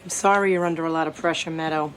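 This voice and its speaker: A woman's voice: sits low, steady tone, fast, soft background music, close to an everyday voice. An actress playing a stern suburban mob wife and mother in a TV drama, speaking firmly and scoldingly. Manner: firm, scolding. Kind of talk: TV drama scene.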